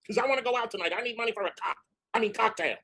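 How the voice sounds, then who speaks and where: A man's voice: sits high, very fast, bright, forceful tone, slightly rough. A man streaming live, telling brash, profane stories and chasing donation goals. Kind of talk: casual stream chat.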